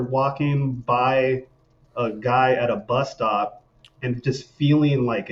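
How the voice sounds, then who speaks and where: A man in casual conversation, rambling through eerie personal stories with many fillers, guest on a paranormal podcast. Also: mid-range voice. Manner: rambling, laid-back, frequent fillers. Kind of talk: casual storytelling. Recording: dull lo-fi sound.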